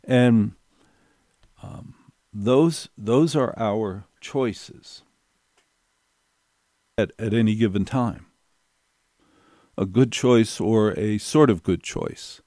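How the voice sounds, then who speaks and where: Wry, low-voiced middle-aged man telling stories. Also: extremely slow, long pauses, mellow, no room sound, studio quality. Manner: wry, digressive, building stories with repetition. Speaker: storyteller. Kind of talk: personal anecdote monologue.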